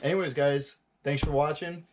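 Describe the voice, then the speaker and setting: A man's voice: fairly high pitch, fairly even intonation, moderate pace, noisy background. A young man hosting a casual vlog, talking straight to the camera in an upbeat way and signing off to viewers. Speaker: vlog host.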